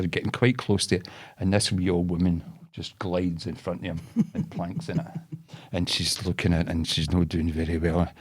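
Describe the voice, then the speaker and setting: A Scottish man co-hosting a podcast, telling a story in a loose, laughing, sweary way. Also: low voice. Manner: animated, laughing, swearing freely. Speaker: podcast co-host. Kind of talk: casual storytelling.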